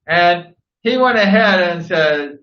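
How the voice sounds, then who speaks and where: A man from Southern California who hosts, telling animated stories casually to camera, laughing often and acting out old conversations. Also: high voice, slow, echoey room, highs cut off. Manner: animated, laughs often, acts out past dialogue. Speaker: host, former motorcycle racer.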